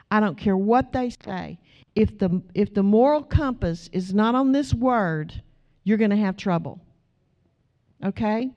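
A woman's voice: mid-range voice, warm tone, lo-fi sound. A middle-aged woman preaching a sermon in church, emphatic and direct with the congregation. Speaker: pastor.

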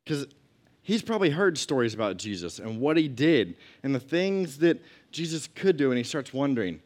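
A man's voice: medium pitch, sing-song, moderate pace. A man teaching a Bible lesson to a group in a conversational way, reading scripture and adding asides and questions.

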